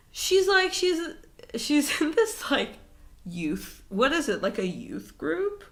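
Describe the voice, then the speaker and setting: A young woman co-hosting a podcast in casual chat, animated, swearing, laughing and using lots of fillers. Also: high voice, slow. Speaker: podcast co-host.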